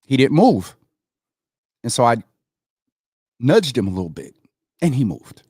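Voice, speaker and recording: A man's voice: mid-range voice, measured pace, slightly rough, no room sound, clean studio sound. An earnest man hosting a casual community talk show, speaking straight to his viewers. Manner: earnest, animated, addresses viewers as y'all. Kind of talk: casual livestream commentary.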